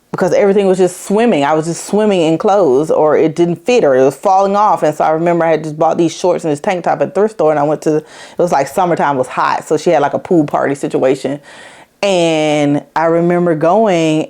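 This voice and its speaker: Woman in her 40s, lowish voice, podcast host, blunt and swearing a lot, slangy, real emotional storytelling. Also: mellow. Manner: blunt, profane, conversational with slang; emotional, laughing through hard memories. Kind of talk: candid personal storytelling.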